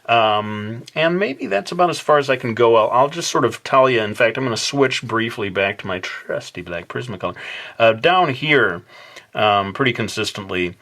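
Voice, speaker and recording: A man narrating his drawing tutorial in a relaxed, rambling way, joking about himself as he works. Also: mid-range voice, normal speed. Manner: relaxed, rambling, self-deprecating with playful asides. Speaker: drawing instructor.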